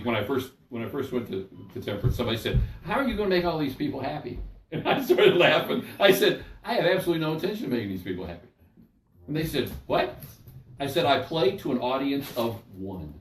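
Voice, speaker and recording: A man's voice: mid-range voice, a little hiss or hum. An older man and pastor leading a Bible study sermon in a folksy, conversational way, often checking in with his listeners. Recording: echoey room, mic at a distance.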